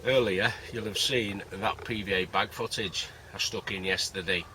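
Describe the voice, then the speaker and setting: A man's voice: on the low side, steady tone, moderate pace, pushed and bright. A man, rambling and joking in casual chat to camera while fishing at a lake. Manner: rambling, chatty, jokey. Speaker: carp angler vlogger. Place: outdoors by a lake, winter fishing camp. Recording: noisy outdoor recording.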